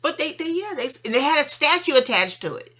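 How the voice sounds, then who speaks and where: A woman's voice: high-pitched, brisk. A woman venting to a friend in a rambling, exasperated personal monologue, full of slang and side remarks. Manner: animated, exasperated storytelling with slang and asides.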